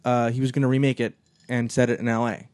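A man's voice: mid-range voice, fast talker, no echo. A man chats casually about movies, rambling along with plenty of restarts and fillers. His voice sits in the middle range and sounds close and dry, with no room sound around it. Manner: relaxed, rambling with many restarts. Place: small office.

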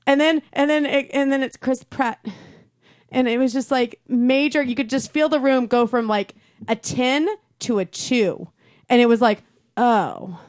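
Young woman, podcast co-host, animated storyteller, dry close mic. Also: sits high, moderate pace, no room sound. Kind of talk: casual chat. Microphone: close studio mic with headphones.

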